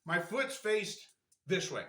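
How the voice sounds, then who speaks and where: This martial arts instructor has a high, sharp, very animated voice and a slow pace as he demonstrates stretches for the camera. He's chatty and a bit strained by the effort, frequently tagging "right?", and his camera mic picks up an echoey room.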